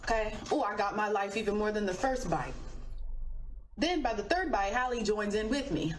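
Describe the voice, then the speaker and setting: Animated young woman telling a story, echoey. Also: medium pitch, moderate pace. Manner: animated, chatty, swears casually. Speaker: singer on a livestream. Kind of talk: casual storytelling on a livestream. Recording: echoey, distant playback with faint noise.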